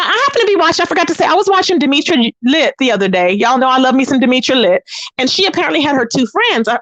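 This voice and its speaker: A woman's voice: a bit bright, no room sound. A woman hosting a casual gossip commentary channel, sassy and dramatic, talking straight to her viewers as "child" and "baby". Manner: dramatic swoops up into high exclamations.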